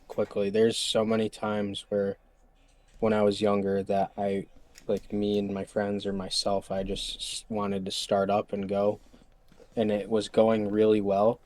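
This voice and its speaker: A man answering interview questions in a casual, relaxed way, with light swearing. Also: lowish voice. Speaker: guest.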